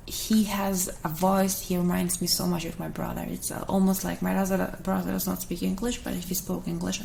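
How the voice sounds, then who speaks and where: A young woman with a German accent and Russian as her first language, soft and hesitant in a whispered ASMR Q&A. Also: lowish voice, creaky, a little hiss or hum, rough recording. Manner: soft, hesitant, many pauses. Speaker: ASMR creator.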